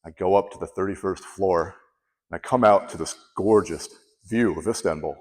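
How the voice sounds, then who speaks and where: In a low-pitched voice at normal speed, a contest speaker delivers a comic storytelling speech, bringing the people he quotes to life with animated impressions. Long hall reverb colors the audio.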